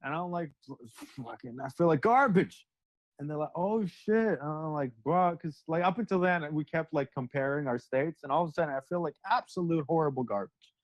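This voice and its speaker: A man's voice: fairly high pitch, steady tone, quick pace, hardly any pauses, no room sound. A young man casually recounting a spiritual experience in slangy, profane speech, acting out quoted dialogue. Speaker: satsang speaker. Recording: dry, dull lo-fi sound.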